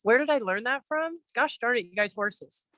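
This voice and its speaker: A woman's voice: a little high, moderate pace, a little hiss or hum, poor audio. A woman equine-assisted coach, telling stories in a heartfelt, emotional way during a live online talk. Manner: emotional, storytelling, animated.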